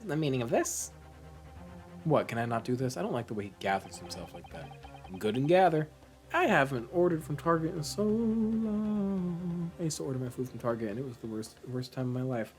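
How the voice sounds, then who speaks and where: A man hosts a let's play with soft music in the background, speaking a little fast at medium pitch. He plays the game while offering casual commentary that is animated, goofy, and full of rambling asides.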